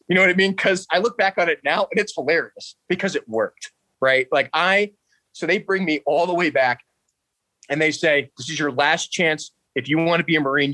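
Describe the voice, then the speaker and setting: A man's voice: medium pitch, no room sound, poor audio. A man, a podcast guest telling stories animatedly and laughing often. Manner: animated, laughs often, quotes others in raised voice. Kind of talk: casual storytelling.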